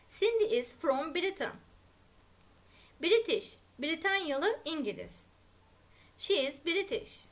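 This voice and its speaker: Woman teacher, high bright voice, slow deliberate vocabulary drill for kids. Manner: clear, deliberate, repeating each word for learners. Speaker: English teacher. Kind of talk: slow vocabulary drill, English word then Turkish meaning.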